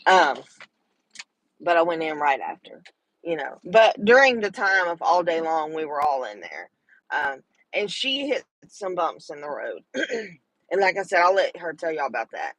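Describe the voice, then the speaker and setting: A woman's voice: sits low, big pitch swings, normal speed, fairly bright tone, dry recording, poor audio. A middle-aged woman, talking to viewers in a casual livestream chat, tender and emotional. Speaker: livestream host.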